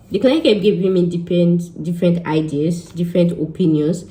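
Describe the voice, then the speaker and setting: A young Nigerian woman speaks in a low, warm, mellow voice. She talks to her followers with animated emphasis as an immigration consultant, slipping Yoruba phrases into her English. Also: normal speed, poor audio. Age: young adult. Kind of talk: casual monologue to followers.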